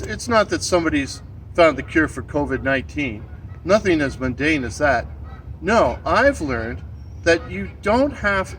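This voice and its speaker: A man with a head cold and a gravelly voice, hosting and reading weird tales with theatrical asides to his listeners. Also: on the high side, a bit bright, slight background noise. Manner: theatrical, addresses listeners directly. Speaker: storyteller and channel host.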